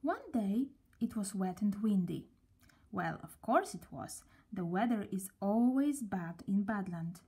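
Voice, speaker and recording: A woman reading a children's story aloud, gently and at a slow, storybook pace. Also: mid-range voice, very animated, breathy edge.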